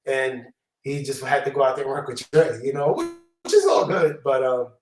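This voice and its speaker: A man's voice: mid-range voice, normal speed, distant mic, soft background music. Slangy New man, off-mic echo. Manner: slangy, animated, acts out quotes. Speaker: hip-hop producer guest. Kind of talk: casual storytelling interview.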